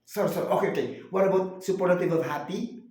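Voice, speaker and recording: A man's voice: high-pitched, fast, a little mellow. A male tutor patiently drilling a student on grammar rules, repeating answers back. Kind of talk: one-on-one grammar lesson. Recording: very echoey room.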